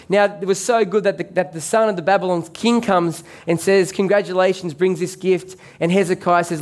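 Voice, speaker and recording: A man's voice: high voice, steady tone, a little fast, few pauses, a little mellow. A man preaching a sermon as pastor, conversational and joking with the congregation.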